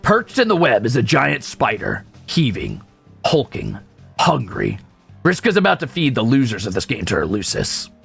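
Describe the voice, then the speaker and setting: A male streamer reads a story game aloud and breaks off for sarcastic, profane jokes. His voice is gravelly and husky. His pitch swings widely, and faint music plays behind him. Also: sing-song, fairly quick, hardly any pauses, a bit bright. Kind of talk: game read-through with commentary.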